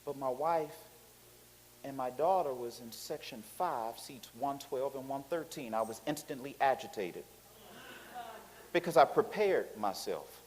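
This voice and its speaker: A man preaching a sermon, animated and colloquial, telling stories to the congregation. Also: medium pitch, unhurried, poor audio.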